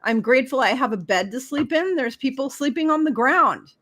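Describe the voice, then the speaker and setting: A middle-aged woman with a fairly high voice gives spiritual advice. She talks straight to the listener in an emphatic, preachy way. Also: brisk, a bit bright. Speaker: spiritual guest. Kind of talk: casual spiritual advice talk.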